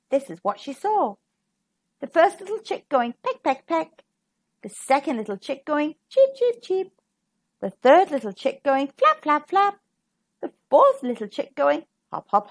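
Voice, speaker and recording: A woman reading a rhyming picture book aloud to children in a sing-song, rhythmic way. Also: sits high. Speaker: storybook reader. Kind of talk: children's storybook read-aloud.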